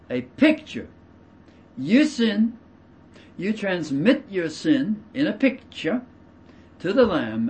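A man preaching a verse-by-verse sermon. He stresses key words loudly, drops into quiet asides, and explains with everyday examples. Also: a little high, slight background noise. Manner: emphatic, swings between loud stresses and quiet asides. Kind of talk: expository sermon.

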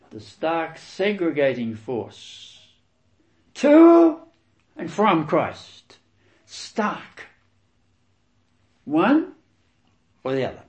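A man preaches through scripture with a fairly high, highly animated voice. He hammers key words, swinging between loud stresses and quiet asides. The sound carries a roomy echo. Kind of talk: expository sermon reading and commenting on scripture.

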